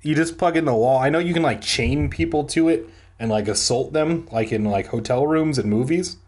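A man's voice: medium pitch, moderate pace, darkish tone. A man from San Diego reading a book aloud for comedy, breaking off into rambling, joking asides. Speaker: reader and comedian.

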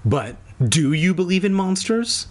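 Nosy teasing schoolgirls, voiced by a man, sing-song, husky, storybook. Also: sits high, big pitch swings, measured pace, pitched above the performer's own voice, heavily acted. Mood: prying.

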